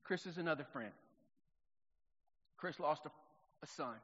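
A middle-aged man, preaching a sermon in a relaxed, conversational storytelling way. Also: fairly high pitch, measured pace. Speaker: pastor. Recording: long reverb, dull lo-fi sound.

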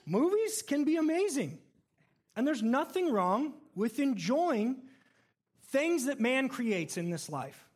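A male pastor giving a sermon in a conversational, animated way, telling stories and laughing along the way. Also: very high-pitched, slow.

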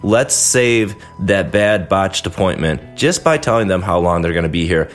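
A man's voice: low-pitched, lively intonation, normal speed, few pauses, soft background music. A man hosting a podcast, talking casually and acting out quotes from patients and staff as he explains how a dental office runs. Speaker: podcast host, dentist. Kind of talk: casual instructional talk.

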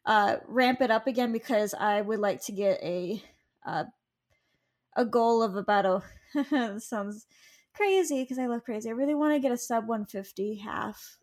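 Woman co-host, slightly high voice, giggly and joking in casual chat. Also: moderate pace. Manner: giggly, playful, jokes around. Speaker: podcast co-host.

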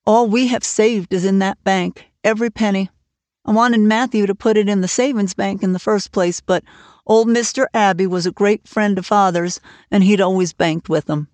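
A woman's voice: medium pitch, fairly even intonation, moderate pace, a little mellow, no room sound, lightly acted. A woman reading the part of a stern, worried older farm woman who speaks plainly and bluntly, for an audiobook. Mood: brisk.

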